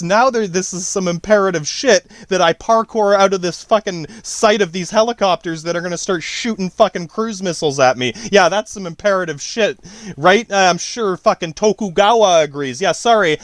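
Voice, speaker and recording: Guy with a highish voice ranting and cursing on his podcast, dry close sound. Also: no echo. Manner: profane, rambling, self-interrupting. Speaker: podcast host. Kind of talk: rambling solo monologue.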